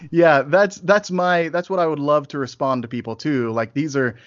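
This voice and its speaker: A man's voice: a little high, steady tone, moderate pace, no room sound. A man chatting upbeat as a podcast guest, an author and audiobook narrator who talks about his work. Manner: upbeat, chatty, restarts phrases. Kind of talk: casual podcast chat. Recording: dry muffled lo-fi audio.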